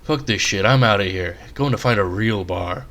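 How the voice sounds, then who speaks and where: A man voicing a weary, foul-mouthed male drunkard in a read-aloud story, speaking gruffly and cursing. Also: fairly low pitch, moderate pace, fairly bright tone, natural voice. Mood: angry.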